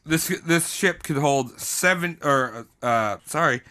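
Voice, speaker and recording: A man's voice: a little high, slow pace, sharp tone. A man hosting a comedy history podcast, telling the story in a loose, crude, joking way. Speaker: podcast host.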